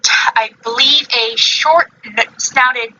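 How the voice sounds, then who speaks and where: A woman's voice: fairly high pitch, slow, dull audio, crowd noise. A woman hosting a podcast in casual chat, rambling with many fillers and self-corrections. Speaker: podcast host.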